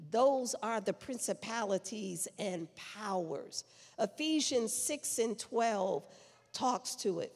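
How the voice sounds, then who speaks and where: A woman's voice: mid-range voice, a little mellow, long reverb tail. A woman pastor preaching a sermon, repeating phrases and building in intensity. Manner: preaching with rising intensity and repetition. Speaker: senior pastor. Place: church sanctuary.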